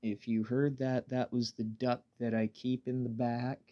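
A man hosting a casual solo podcast while high, rambling in a laid-back way, swearing freely and stammering through restarts. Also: flat delivery, a little slow, muffled recording. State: high on weed. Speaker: podcast host.

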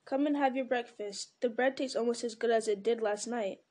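A woman's voice: a little high, fairly quick, a little mellow, close to an everyday voice. Pippin, a cheery young hobbit, read by a woman. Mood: cheerful. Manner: chatty, questioning.

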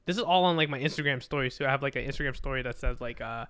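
A man's voice: mid-range voice, racing, fairly bright tone, clear, resonant tone. A young man, a podcast guest, telling a story in casual chat, swearing often and acting out dialogue.

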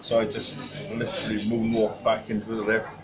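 This Welsh podcast guest speaks briskly in a fairly low, monotone voice, chatting casually through stories packed with fillers and false starts. The low-quality recording picks up crowd chatter in the background.

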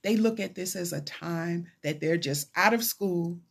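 This woman chaplain speaks in a low-ish, unhurried voice that is both creaky and husky. In her sermon she retells scripture, giving dramatized voices to the people in the story, and climbs toward excited pleading.

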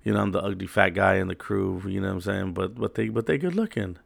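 A man's voice: deep voice, fast talker, vocal fry, no room sound. A man hosting, telling rambling stories in a laid-back, slangy, casual way. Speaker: host. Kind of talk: casual storytelling monologue.

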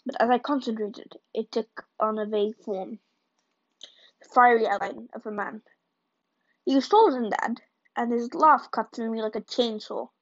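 A woman's voice: on the high side, normal speed. A woman reading a novel chapter aloud in a plain, unpolished way with occasional slips and restarts. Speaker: reader of a novel. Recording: dull lo-fi recording.

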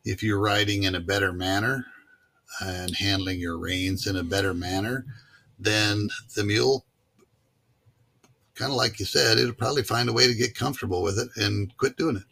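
A man's voice: lowish voice, normal speed, creaky, bright, forceful tone. A man who teaches mule-riding clinics, talking casually as an interview guest and telling stories with many fillers. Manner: drawling storyteller with fillers.

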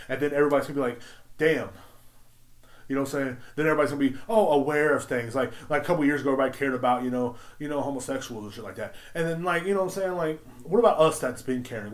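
A man hosting a solo podcast, ranting in a heated, rambling and profane way. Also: mid-range voice. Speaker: podcast host.

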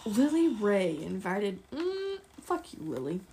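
Gravelly-voiced teasing woman. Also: mid-range voice, slow pace, a little hiss or hum. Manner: teasing, playful, deadpan jabs. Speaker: podcast co-host. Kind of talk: casual chat while gaming.

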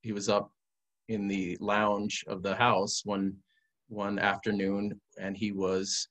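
A man with a lowish voice speaks as a podcast guest, recounting a personal story in a relaxed, conversational way. He brings the story alive by acting out dialogue, and he stays earnest throughout. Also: slow. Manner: earnest, animated retelling with quoted dialogue. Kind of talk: casual storytelling in an interview.

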